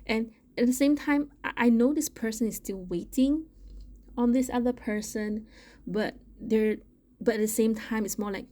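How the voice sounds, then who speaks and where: A woman giving a casual tarot reading, chatty and thinking aloud, often pausing on "okay" and restarting her sentences. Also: fairly high pitch, a little mellow. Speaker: tarot reader.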